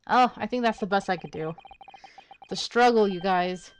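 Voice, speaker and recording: A woman's voice: medium pitch, moderate pace, a little hiss or hum. Chatty lady doing let's-play commentary, self-deprecating, mid voice. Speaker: gamer playing a story game.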